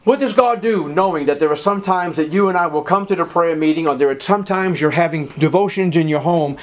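Man, middle-aged, pastor, sermon, impassioned, dramatic pauses, slightly high voice. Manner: impassioned preaching with dramatic pauses and quoted scripture.

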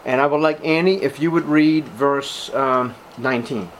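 During a church service with his congregation, a pastor preaches emphatically, repeating key words and calling his listeners beloved. His voice is mid-range at normal speed, with a little hiss or hum in the recording.

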